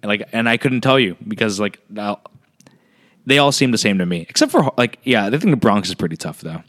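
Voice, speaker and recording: A man co-hosting a casual chat, talking fast with lots of fillers, swearing, joking and acting out quotes. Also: lowish voice. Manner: animated, filler-heavy, swears and jokes, acts out quotes. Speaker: podcast co-host.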